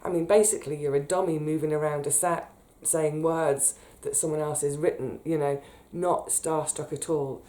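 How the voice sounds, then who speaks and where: Chatty British woman, warm low voice. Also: normal speed, few pauses. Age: 30s. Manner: chatty, animated, emotional when retelling. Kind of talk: casual storytelling monologue.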